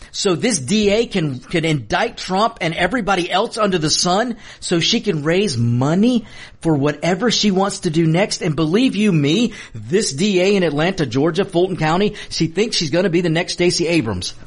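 A middle-aged man holds forth in a political commentary monologue, speaking directly to his audience. His pitch sits a little high and swings widely as he presses his points. He often stumbles, restarts and repeats phrases for emphasis. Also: breathy edge. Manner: animated, emphatic, repeats himself and restarts, addresses viewers directly.

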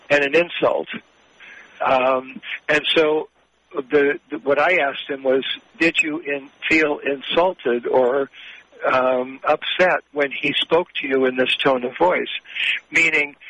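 A man working as a mediator, answering interview questions in a measured, explanatory way with frequent hesitations. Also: a little high, bright, forceful tone, poor audio.

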